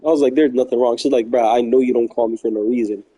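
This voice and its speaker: A man with a very dark, mellow tone and a husky edge tells a story in a loose, slangy ramble. He keeps looping back with "I was like" and "she's like" as he acts out both sides of the talk. It sounds like casual chat on a live stream. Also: mid-range voice, steady tone, fast talker, poor audio. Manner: rambling and slangy, repeating himself and quoting others.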